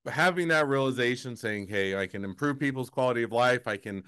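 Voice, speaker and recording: A man's voice: medium pitch, fairly quick, a bit bright, clear, resonant tone, no echo, studio quality. A man hosting a podcast, asking thoughtful, rambling follow-up questions in casual chat. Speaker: podcast host.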